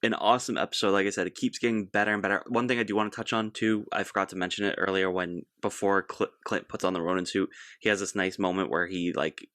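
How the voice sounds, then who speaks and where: A man's voice: sits low, fairly even intonation, fast, few pauses, a bit bright, no room sound, clean studio sound. A man co-hosting a podcast, giving an easygoing, loose episode recap with frequent fillers. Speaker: podcast co-host.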